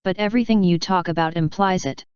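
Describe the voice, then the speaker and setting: A woman voicing a frustrated human husband who speaks flatly and needles his wife, in a smooth, dry, lo-fi reading. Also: lowish voice, fast, no echo, lightly acted. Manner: flat, needling. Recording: dull lo-fi.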